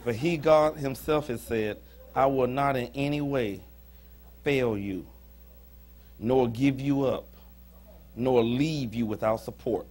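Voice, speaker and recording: Husky-voiced preaching man in church. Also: mid-range voice, slow pace, long pauses, a little mellow. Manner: emphatic preaching with call-and-response, repeats lines for emphasis. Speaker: pastor. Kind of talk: sermon. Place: church sanctuary.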